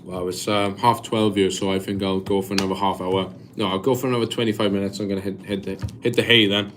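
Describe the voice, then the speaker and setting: Welsh lad in his 20s doing a live stream, lowish voice, rambly and stop-start, faint hiss behind. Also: fairly even intonation. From Wales. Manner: rambling, halting, with frequent restarts. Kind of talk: casual live stream chat, reading viewer comments aloud.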